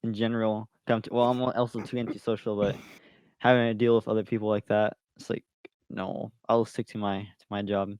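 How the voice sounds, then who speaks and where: A man's voice: lowish voice, level tone, a little fast, darkish tone, clear, resonant tone, dry recording, clean studio sound. A man co-hosting a podcast, chatting in a laid-back way and laughing along. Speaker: podcast co-host. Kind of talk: casual chat.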